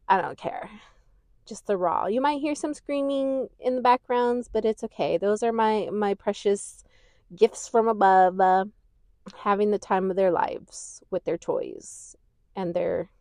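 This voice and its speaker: A woman's voice: mid-range voice, no echo. A woman hosting a casual podcast, chatty and rambling, swearing freely and laughing easily as she gushes. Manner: laughs easily, gushing and animated. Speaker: podcast host. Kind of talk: casual chat.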